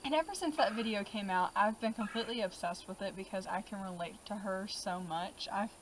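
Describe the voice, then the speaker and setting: On a low-quality recording made outdoors, a woman vlogger with a medium-pitched voice speaks fairly quickly. She chats about her journal pages, her talk full of "um" and "like."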